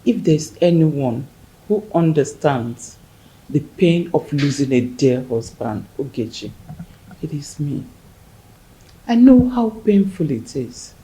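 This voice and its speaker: A middle-aged actress with a Nigerian accent playing a widow gently consoling a grieving friend in a film. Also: female voice, low-pitched, sing-song, slow, full character voice, low-quality recording. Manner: soothing, motherly, hushed.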